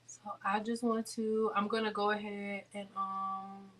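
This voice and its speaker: A woman's voice: mid-range voice, level tone, a little slow, a bit bright, far from the mic. A woman hosting a beauty livestream, talking bluntly and preachily to her viewers, repeating her points. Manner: blunt, preachy, fond of repetition. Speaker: beauty channel host.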